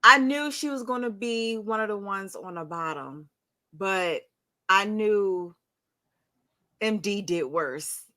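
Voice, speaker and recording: A young woman co-hosting a podcast, chatting about a cooking show in an animated, emphatic, slangy way. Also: medium pitch, slow pace, no room sound. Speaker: podcast co-host. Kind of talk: casual chat reviewing a cooking show.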